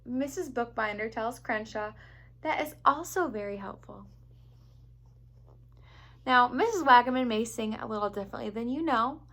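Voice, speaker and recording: A teacher reading a picture book aloud to young children, gentle and expressive. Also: female voice, on the high side, normal speed, long pauses. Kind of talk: storybook read-aloud for children.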